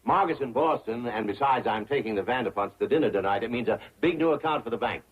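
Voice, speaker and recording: An actor playing a stuffy, flustered middle-aged bank president, fussy and sputtering, in 1960s sitcom style. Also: male voice, medium pitch, fast talker, slightly rough, lightly acted. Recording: muffled 1960s TV audio.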